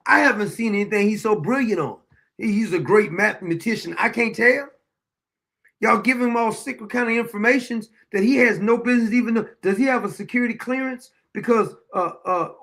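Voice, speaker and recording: A man with a notably high speaking voice delivers heated, profane political commentary as host of his own show. He is blunt and combative, cutting into clips to argue with them. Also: fairly bright tone.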